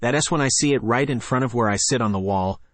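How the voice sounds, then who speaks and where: A man reading a first-person horror story in a plain, even narration. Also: medium pitch, fast, no room sound.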